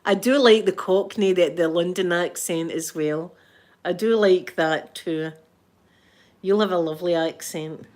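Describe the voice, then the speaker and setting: A woman's voice: on the low side, unhurried, darkish tone. A middle-aged Scottish woman hosting a live stream, chatting casually with viewers, laughing often and mimicking other voices. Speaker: ASMR livestream host.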